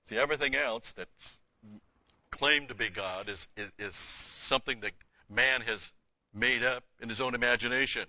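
A man's voice: mid-range voice, normal speed, pushed and bright, dry recording, dull audio. A man teaching the Bible verse by verse. He reads passages aloud with rising emphasis, then explains them in a casual, conversational aside.

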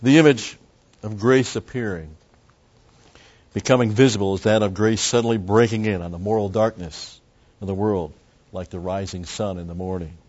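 Man, low voice, expository sermon, methodical, repeats key words, dull lo-fi sound. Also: fairly even intonation, moderate pace, a little mellow. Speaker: preacher. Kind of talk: expository Bible teaching. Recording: dull lo-fi recording.

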